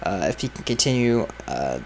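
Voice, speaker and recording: A man's voice: medium pitch, big pitch swings, moderate pace, a little mellow. A man hosting a podcast, chatting casually and giving blunt, offhand opinions, his sentences often trailing off, recorded outdoors. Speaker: podcast host answering fan questions. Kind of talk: casual chat. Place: outdoors with flies around.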